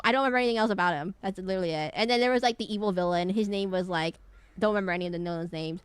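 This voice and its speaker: A woman's voice: medium pitch, rapid-fire, clean tone, no room sound. A woman streaming a video game, chatting casually in a rambling, giggly way.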